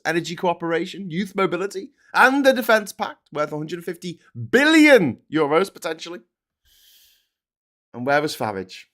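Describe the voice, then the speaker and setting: A man's voice: on the high side, fairly bright tone. A man ranting in political commentary, sardonic and profane.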